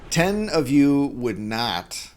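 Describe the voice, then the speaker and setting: Talking extremely slowly in a sing-song, mid-range voice, this gaming streamer rambles and jokes with his viewers. He laughs at his own gags into a desk mic as he plays.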